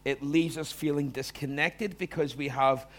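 A man's voice: on the high side, steady tone, normal speed. A man preaching a sermon in a conversational way, acting out quoted voices with big swings.

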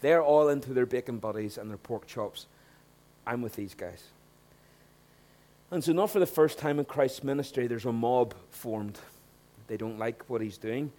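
A man preaching a sermon, swinging between hushed asides and loud, emphatic points. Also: medium pitch, moderate pace.

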